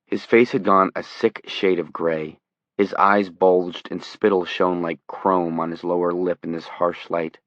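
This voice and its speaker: A man narrating a thriller audiobook in a measured, tense way. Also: sits low, fairly bright tone, dry recording. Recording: dull, dry audiobook recording.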